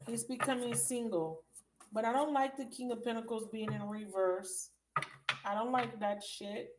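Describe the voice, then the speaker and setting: A woman's voice: on the high side, normal speed, heavy background noise. A woman reading tarot for viewers on a live stream, chatty and blunt, swearing freely and calling them baby. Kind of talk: casual live reading chat. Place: at home.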